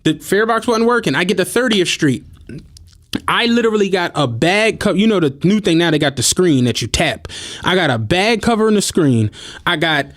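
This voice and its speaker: A man hosting a podcast, telling stories in casual chat, animated and often laughing as he acts out what people said. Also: sits high, normal speed. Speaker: podcast host. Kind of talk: casual storytelling.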